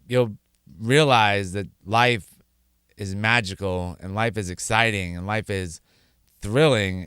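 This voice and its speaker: A man's voice: fairly low pitch, fairly bright tone, clean tone, no echo, studio quality. A man sharing his personal testimony, earnest and repeating words for emphasis. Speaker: speaker sharing his sobriety story.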